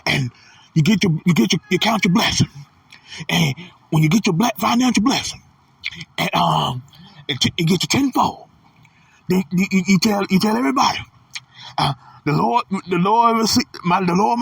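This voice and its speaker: A man mimicking a high sing-song prosperity preacher. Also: lively intonation, moderate pace, creaky, long pauses, husky, no echo, distant mic, heavily acted. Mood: mocking. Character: mocking impression of a smooth-talking prosperity preacher, male.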